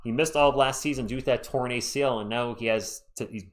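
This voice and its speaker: A man hosting a live fan play-by-play stream, chatty and excitable, reading and answering viewer chat as he calls the game. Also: mid-range voice, quick pace. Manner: excitable, voice jumps up when thrilled.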